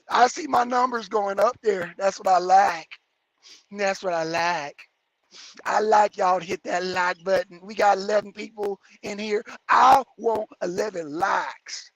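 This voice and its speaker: A man's voice: sits high, normal speed, vocal fry, a bit bright, dry recording. A man hosting a live commentary stream, reading viewer comments aloud and ranting about them with lots of swearing. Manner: heated, profane, repeats and mocks viewer comments. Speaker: YouTube commentator.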